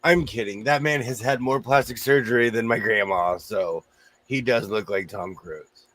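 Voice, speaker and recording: A man's voice: fairly low pitch, steady tone, moderate pace, a bit bright. A man hosting a casual chat, joking around while losing his voice. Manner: chatty, joking asides. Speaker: host.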